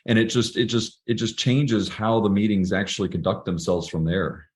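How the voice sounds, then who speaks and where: A middle-aged man with a slightly low voice talks as a podcast guest. He tells personal stories earnestly and reflectively, often restarting his sentences mid-thought in a relaxed conversational tone. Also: moderate pace. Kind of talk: casual interview conversation.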